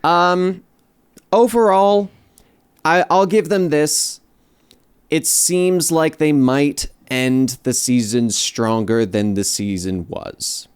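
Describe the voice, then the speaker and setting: A man co-hosting a casual chat about a TV episode, with a wry, measured, hedging way of critiquing. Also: fairly high pitch, smooth. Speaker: podcast co-host.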